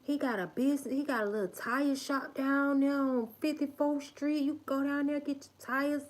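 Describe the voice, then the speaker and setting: A woman voicing an excited acquaintance who spreads gossip in an eager, drawn-out voice. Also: high voice, voice pushed up, lightly acted.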